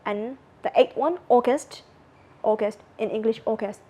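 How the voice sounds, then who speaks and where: A woman with a Burmese accent, a native Burmese speaker, teaches a recorded conference lesson in a slightly high voice. She goes over every word patiently, repeating it several times and spelling some out letter by letter. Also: moderate pace, warm tone, husky. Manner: repetitive, spells out words letter by letter. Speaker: language teacher.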